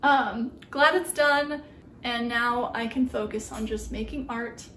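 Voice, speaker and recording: Recorded at a distance in an echoey small home art studio, with a faint hiss or hum, a young woman speaks in a fairly high, pushed and bright voice at a measured pace. She's a printmaking artist rambling casually in a vlog, leaning on ums and likes.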